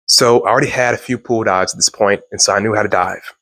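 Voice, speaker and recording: Young man, low voice, rambling casual storyteller, dry close sound. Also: steady tone, fast, a bit bright, no echo. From Louisiana, US. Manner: rambling storytelling with restarts and laughs. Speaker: self-improvement host. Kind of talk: casual motivational talk.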